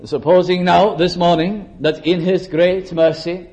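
A man preaches a church sermon at a measured pace, and his voice sits a little higher than most men's. He draws out key words when he stresses scripture. Now and then he clears his throat or restarts a phrase. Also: fairly even intonation, a little mellow. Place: church service.

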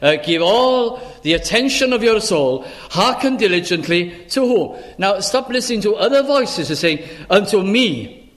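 A man's voice: high voice, lively intonation, normal speed, few pauses, fairly bright tone. A male minister preaching a sermon with earnest, pleading rhetorical questions and quotations in old-style scripture wording.

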